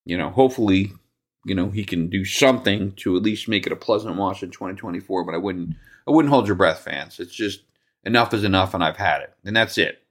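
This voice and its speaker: A man's voice: deep voice, fairly quick. Man from New Jersey, sports talk host, fired-up profane rant, sarcastic edge. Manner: angry, profane, sarcastic ranting.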